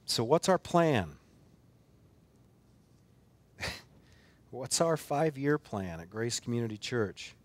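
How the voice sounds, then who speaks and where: A man's voice: medium pitch, big pitch swings, slow pace, long pauses. A man preaching a sermon as pastor of a church, earnest and emphatic, building force through repeated phrases and rhetorical questions. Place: church sanctuary.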